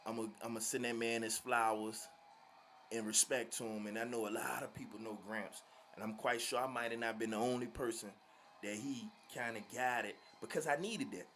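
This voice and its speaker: A man from Virginia telling a story to his viewers in a slangy, animated, laughing way. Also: medium pitch, normal speed, slight background noise. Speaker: vlogger. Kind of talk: casual storytelling.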